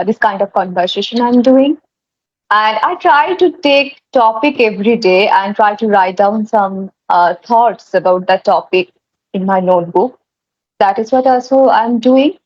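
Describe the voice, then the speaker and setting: A woman's voice: fairly high pitch, darkish tone. Woman hosting a lo-fi video chat. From India. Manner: earnest, hesitant with many fillers and restarts. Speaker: host. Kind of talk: casual conversation practice. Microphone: video call.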